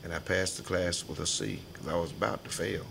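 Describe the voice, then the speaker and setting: An older man remembers his school days for an oral history interview. His voice sits very low and gravelly, and he laughs easily while acting out the people in his stories. A faint background hiss runs under the recording. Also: fairly even intonation, brisk. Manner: folksy storyteller, laughs often, acts out voices in his stories.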